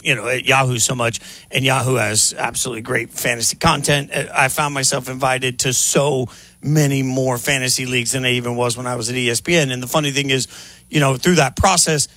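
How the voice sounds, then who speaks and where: A man hosting a sports radio show, talking in an emphatic, animated way. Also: mid-range voice, a little fast, dry recording. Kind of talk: casual sports radio talk.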